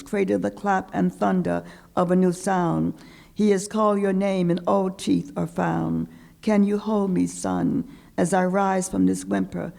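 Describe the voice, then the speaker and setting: A solemn old father speaks forgiveness to his son, voiced by an older woman poet. The words come slow and incantatory, in a gravelly, fry-laden tone. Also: mid-range voice, dark tone.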